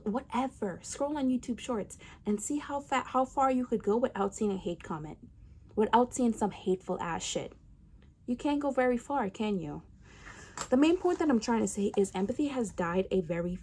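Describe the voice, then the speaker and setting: A woman's voice: medium pitch, warm tone. A woman giving heated social commentary, emphatic and ranting, repeating phrases for effect. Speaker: commentary vlogger.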